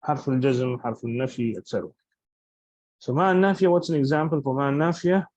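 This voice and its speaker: A male grammar teacher talks quickly through a lesson, stopping often for fillers and restarts as he explains. His voice is dark and mellow. The recording is dry and a little muffled. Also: mid-range voice, dry recording. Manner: explains in English, recites Arabic quickly, many fillers and restarts.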